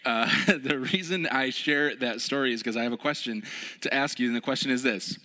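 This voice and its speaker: A young man preaching a relaxed, conversational sermon, telling stories with lots of fillers. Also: mid-range voice, a little fast. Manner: casual, storytelling, many fillers. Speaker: pastor.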